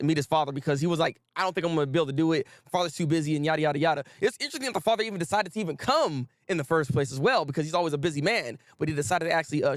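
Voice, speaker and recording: Lively casual anime stream host man. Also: on the high side, no room sound, studio quality. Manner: animated, repetitive, slangy, greets chat viewers. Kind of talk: casual anime livestream talk.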